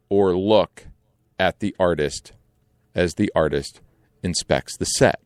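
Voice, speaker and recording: A young adult man telling a casual story in an animated way, acting out other people's lines. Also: low-pitched, a little slow, no echo, clean studio sound.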